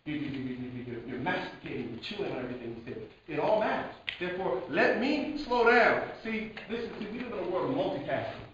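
A man preaching a sermon to his congregation, lively and repetitive, talking straight to the listeners. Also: high voice, quick pace, hardly any pauses, a little hiss or hum. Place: church hall. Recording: echoey hall, distant mic, dull sound.

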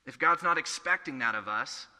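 Young male pastor, earnest storytelling sermon, bright tone, echoey church hall. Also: medium pitch, expressive, normal speed. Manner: earnest, conversational preaching with storytelling.

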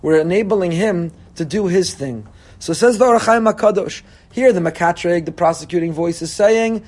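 A man's voice: high voice, moderate pace. A man giving a sermon as a rabbi, preaching with animation and acting out quoted voices. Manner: animated preaching, voicing God and congregants.

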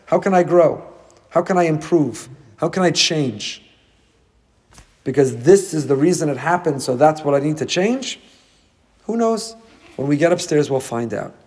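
A man's voice: medium pitch, a little mellow. A man teaching a Torah class as a rabbi, delivering an emphatic sermon full of rhetorical questions. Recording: long hall reverb.

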